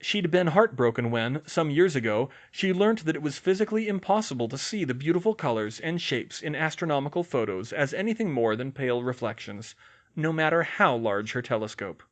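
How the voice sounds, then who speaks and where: A man narrating a fan fiction audiobook in a steady, even storytelling manner. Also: on the high side, fairly quick.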